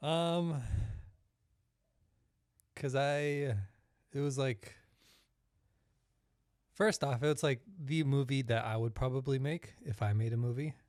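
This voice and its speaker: A man's voice: mid-range voice, slow, long pauses, darkish tone, dry recording, studio quality. A man co-hosting a casual movie review podcast, laid-back and playful, laughing often. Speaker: podcast co-host.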